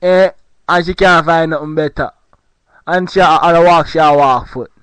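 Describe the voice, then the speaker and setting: A man putting on an imitation Jamaican accent, playing a boastful young man who brags in slow patois-style talk for comedy. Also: on the high side, fairly even intonation, a bit bright, clean tone, dry recording, lightly acted.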